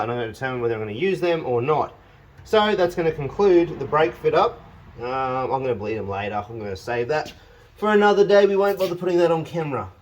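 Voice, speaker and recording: Man, home mechanic, workshop vlog, talks to himself and the parts, wry, grumbly, self-mocking, mid pitch, faint background hum. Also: muffled recording. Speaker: home mechanic and channel host. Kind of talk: casual workshop vlog, thinking aloud. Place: home shed or garage.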